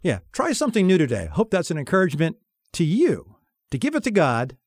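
A man's voice: high-pitched, wildly swooping pitch, a little fast, no room sound, studio quality. A man hosting a radio show, telling a personal story in casual chat and acting out the dialogue.

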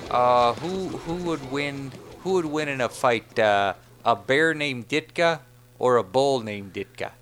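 A man's voice: medium pitch, unhurried, a bit bright. A man co-hosting a comedy podcast, teasing and swearing in loose banter. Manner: goofy, needling, swearing asides. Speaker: podcast co-host.

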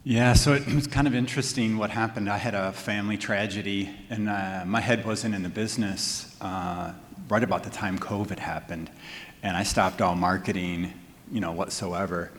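Animated storytelling man, reverberant room. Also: on the low side, moderate pace. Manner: animated anecdotes with acted-out quotes and laughs. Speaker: financial advisor, panel guest. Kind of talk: casual panel storytelling.

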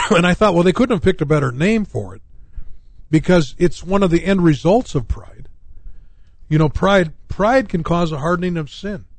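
A man's voice: high-pitched, expressive, normal speed, no echo. A middle-aged male pastor preaching on a radio talk show, rambling with many fillers and restarts.

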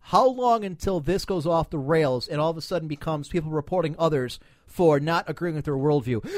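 A man's voice: on the high side, brisk, darkish tone, no echo, studio quality. A man hosting a podcast panel, reading news aloud and mocking it with sarcasm. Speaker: podcast host. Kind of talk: casual panel chat.

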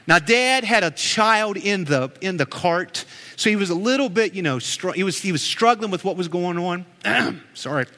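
A man's voice: sits high, lively intonation, normal speed, bright, forceful tone. A middle-aged man preaching a sermon as pastor, earnest and emotional, telling stories between prayers in a church. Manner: earnest, emotional, with storytelling asides. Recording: echoey hall with long reverb.

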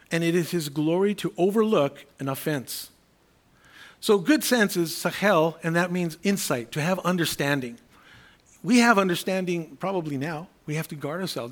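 Man preaching a conversational sermon. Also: a little high. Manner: conversational, acts out imagined voices.

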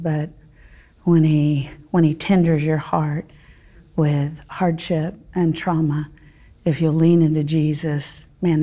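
A middle-aged woman, teaching a Bible study and telling a story in an earnest, heartfelt way, with pauses and fillers. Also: low-pitched, warm tone.

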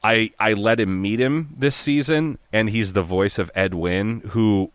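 A man's voice: fairly low pitch, measured pace, no echo. A man in his thirties chatting casually, rambling with many fillers, swearing and restarts, slipping into impressions. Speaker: podcast guest or co-host, dungeon master. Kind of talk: casual chat.

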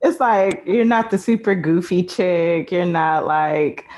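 A woman's voice: fairly low pitch, takes it slowly, darkish tone, a little hiss or hum. A woman interviewing a guest in a curious, chatty way. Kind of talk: casual interview chat.

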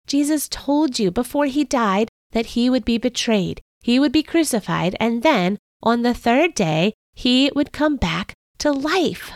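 A woman voicing a joyful, radiant male angel who speaks in a gentle, slow and reassuring way. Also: fairly high pitch, expressive, no room sound, studio quality, pitched above the performer's own voice.

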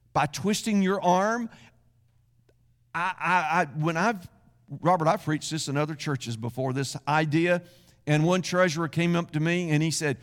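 A man's voice: high-pitched, big-room sound. A male pastor giving a conversational sermon in a church, acting out little asides as he preaches. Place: church sanctuary.

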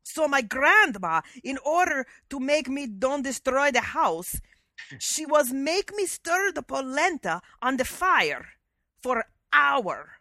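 A woman hamming up an excitable Italian male chef in a comic impression, with a thick, exaggerated Italian accent and broken English. The voice leaps high and loud, well above her normal speaking voice. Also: slow pace, no room sound, studio quality, heavily acted. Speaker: podcast host impersonating a TV chef.

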